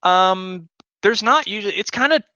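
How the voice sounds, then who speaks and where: A man's voice: high voice, expressive, moderate pace, sharp tone, no room sound, muffled recording. A man narrating a tabletop game as game master, in a rambling way full of fillers.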